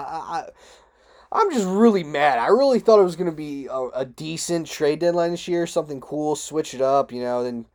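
A man hosting a solo sports talk show, ranting in a frustrated, rambling way, swearing and jumping sharply up in pitch. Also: darkish tone. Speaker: podcast host.

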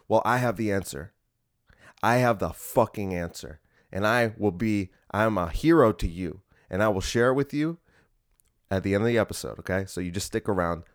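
Man, podcast host, exasperated swearing rant, lowish voice, dry close mic. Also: dry recording. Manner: exasperated, animated ranting with swearing. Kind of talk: casual solo podcast rant.

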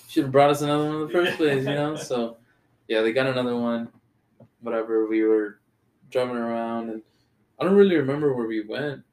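A laid-back young man from Texas in casual chat, dropping "dude" and swear words. His voice sits at an ordinary middle pitch. A faint hiss of noise runs behind him. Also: brisk, darkish tone. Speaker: podcast co-host.

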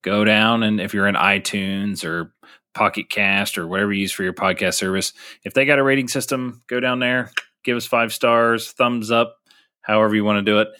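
A man's voice: lowish voice, fairly even intonation, normal speed, bright, forceful tone, dry recording, studio quality. A man co-hosting a podcast, talking casually and loosely with lots of fillers. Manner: loose and chatty, many fillers. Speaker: podcast co-host.

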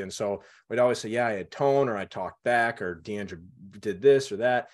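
A young man in casual conversation, co-hosting and telling childhood stories with animated, acted-out quotes. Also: mid-range voice, normal speed, few pauses. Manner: animated storytelling, acts out quotes.

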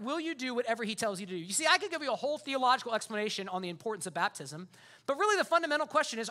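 A man's voice: very high-pitched, sharp tone. A man preaching a sermon as pastor, in a casual, conversational way full of fillers.

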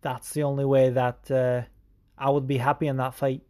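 A man's voice: medium pitch, level tone, normal speed, a little mellow, no echo, studio quality. A man hosting a podcast, casually answering listener questions in a joking, profane, mock-grand way. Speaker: podcast host.

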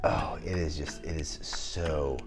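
A man's voice: very deep voice, steady tone, slow pace, music in the background. A man co-hosting a podcast in casual chat, rambling with many fillers and restarts. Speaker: podcast co-host.

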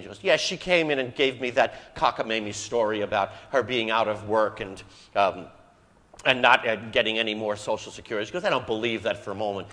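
Priest preaching in a reverberant church. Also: male voice, medium pitch, a bit bright. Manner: storytelling, conversational with asides. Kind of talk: live homily. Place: parish church.

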